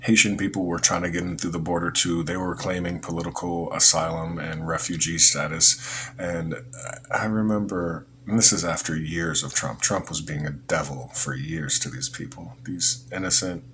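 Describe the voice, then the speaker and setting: Man, podcast host, low deep voice, rambling and heated, faint hiss in the background. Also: steady tone, moderate pace, pushed and bright. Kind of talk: casual political commentary.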